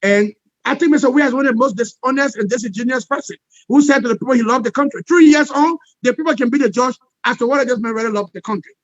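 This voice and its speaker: A man giving an impassioned political interview as a guest, forceful and repetitive, often asking "all right?". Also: extremely high pitch, rapid-fire, no room sound, highs cut off.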